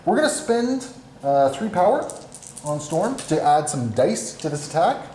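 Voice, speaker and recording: A tabletop game channel host speaks a little slowly in a fairly high, darkish voice that swings widely in pitch. He talks through his moves in a relaxed, self-deprecating style, recorded in an echoey room with faint noise.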